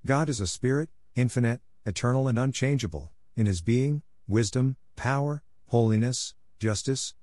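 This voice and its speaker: A talkative, imaginative orphan girl chatters eagerly, as a man reads her part. The reading lifts only a little in pitch and stays close and dry. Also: moderate pace, few pauses, mellow, dry recording, natural voice.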